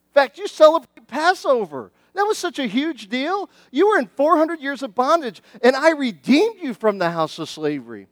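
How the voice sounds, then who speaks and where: Middle-aged man, pastor; high, bright-edged voice, lively conversational sermon delivery, dry sound. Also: normal speed, few pauses, no room sound. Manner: animated, conversational preaching with many restarts.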